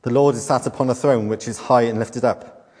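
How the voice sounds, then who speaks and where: Pastor preaching in a reverberant hall. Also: male voice, medium pitch, fairly even intonation, darkish tone. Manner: teaching with rhetorical questions and deliberate repetition. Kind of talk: sermon.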